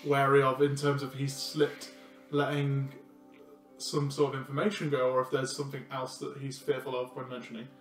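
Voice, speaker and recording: A man's voice: mid-range voice, monotone, normal speed, reverberant. Man running a tabletop game, chatty, kinda far from the mic, faint music behind. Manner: loose and chatty, trails off. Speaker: game master.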